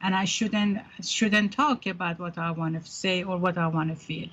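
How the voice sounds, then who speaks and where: Radio co-host, mid-pitched voice, chiming in with added points, muffled lo-fi audio. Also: fairly even intonation, normal speed, fairly bright tone. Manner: adds points, short agreements. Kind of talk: radio talk on addiction and trauma.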